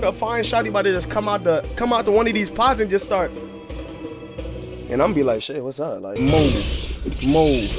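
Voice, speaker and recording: Young male streamer, high lively voice, loud trash talk, game score blaring underneath. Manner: loud excitable trash talk, yelps and shouts. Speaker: gaming streamer. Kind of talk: let's play commentary. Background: game music.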